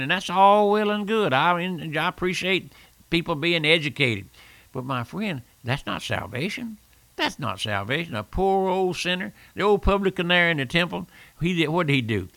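A man's voice: a little high, expressive, fairly quick, creaky, pushed and bright, no echo. An older man preaching a fervent radio sermon, repeating phrases and calling the listener "my friend".

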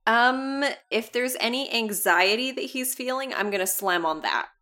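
Bright-voiced woman playing a tabletop game. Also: a little high, normal speed. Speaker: player. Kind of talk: tabletop role-play banter.

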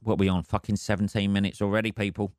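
A man's voice: fairly low pitch, level tone, fast, a little mellow, dry recording, studio quality. A man hosting a solo podcast, rambling casually with heavy swearing and laughing at his own jokes. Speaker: podcast host.

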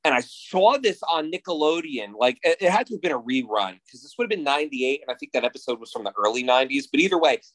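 A man in his thirties from New Jersey, a podcast guest telling stories in a casual, excitable and profane way. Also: medium pitch, quick pace, few pauses, poor audio. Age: 30s. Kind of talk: casual chat.

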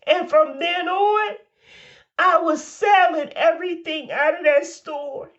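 A woman's voice: extremely high pitch, takes it slowly, a bit bright, lo-fi sound. A woman preaching a devotional message, exhorting listeners and repeating calls of encouragement, a little tearful. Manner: exhorting, repeats "come on now".

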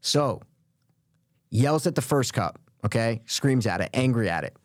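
A young man co-hosting a podcast, telling stories in a casual, animated way and swearing freely. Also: medium pitch, a little slow, dry recording, studio quality. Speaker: podcast co-host. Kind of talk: casual chat.

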